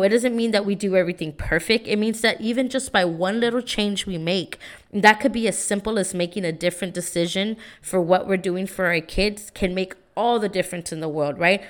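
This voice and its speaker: A woman's voice: medium pitch, fairly bright tone. A young woman hosting a podcast, talking earnestly and casually about parenting and often adding "right?" to her points. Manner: earnest, keeps asking "right?". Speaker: podcast host. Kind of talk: casual motivational talk.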